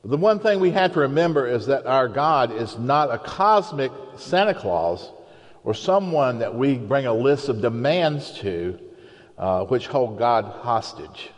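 A man's voice: mid-range voice, very animated, measured pace. Man preaching in an echoing hall. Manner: conversational storytelling, with quoted voices. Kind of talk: sermon. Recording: long hall reverb.

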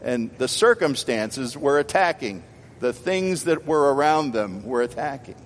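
An older male pastor delivers a sermon, his voice ringing out in a church hall with a long reverb tail. He swings between loud, emphatic exhortation and soft, chatty asides. A faint low rumble sits under the room. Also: animated, unhurried.

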